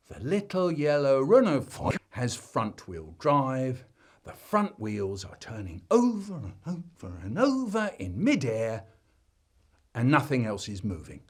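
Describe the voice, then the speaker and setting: Male storyteller. Husky, lively pitch, deadpan comic delivery. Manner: dramatic swings between deadpan and loud.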